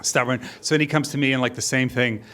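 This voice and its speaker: Middle-aged guy on stage telling a story, bright tone, kinda halting and wry, chuckles a lot. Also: mid-range voice, steady tone. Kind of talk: live storytelling. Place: live stage.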